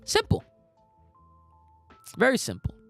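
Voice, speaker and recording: A man's voice: takes it slowly, a bit bright, faint music behind. A young man hosting a casual podcast livestream, talking emphatically in slangy, swearing rants and reading out chat comments. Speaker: podcast host.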